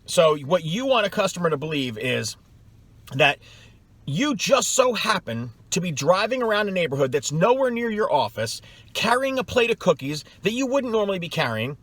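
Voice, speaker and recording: A middle-aged man with a high-pitched, slightly bright voice, recorded with no room sound, coaches salespeople in a blunt advice vlog. He is emphatic and scornful, hammering each point home by repeating it.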